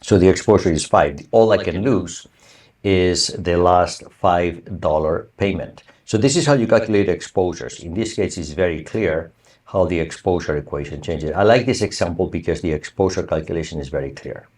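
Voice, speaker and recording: Deep-voiced man giving a university lecture. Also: moderate pace, a little mellow. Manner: conversational, asks the class for confirmation. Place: online or recorded lecture.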